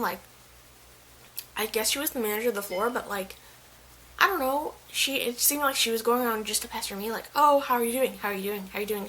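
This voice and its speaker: A young woman tells a frustrating story straight to the camera in a loose, chatty vlog style. Her voice sits a little high, with plenty of vocal fry at the ends of phrases, and she keeps slipping into quoted back-and-forth. A faint hiss sits under the voice. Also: fairly bright tone, rough recording. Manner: chatty, heavy use of "like", quotes others mid-story; frustrated, venting. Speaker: vlogger.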